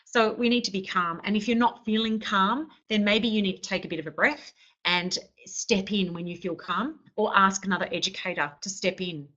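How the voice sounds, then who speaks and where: A woman's voice: mid-range voice, moderate pace, sharp tone, dull audio. A woman giving an instructional lecture as an early childhood trainer, explaining points and often checking in with "okay".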